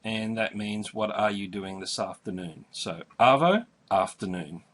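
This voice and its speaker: A man's voice: lowish voice, a bit bright. Friendly Australian man explaining slang. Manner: friendly, explains slowly with examples. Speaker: host. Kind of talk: casual vocabulary lesson.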